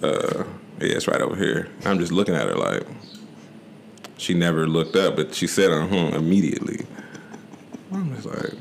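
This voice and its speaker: A man's voice: low voice, animated, moderate pace, creaky, long pauses, slight background noise. A man co-hosting a podcast, telling stories in laid-back slang and laughing often. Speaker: podcast co-host. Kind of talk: casual chat.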